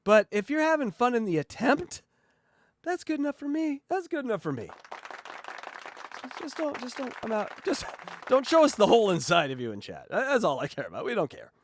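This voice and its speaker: A man's voice: very high-pitched, a little fast, a crowd in the background, noisy background. A man hosting a casual podcast chat, swearing freely and acting out radio voices. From West Coast of the US. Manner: profane, animated, mimics radio voices. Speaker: podcast host.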